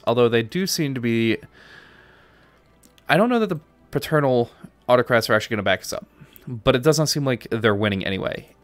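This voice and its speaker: A man's voice: medium pitch, dry recording. A man from New York, chatting casually with viewers as he live-streams a strategy game and answers their messages. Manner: chatty, answers chat between moves.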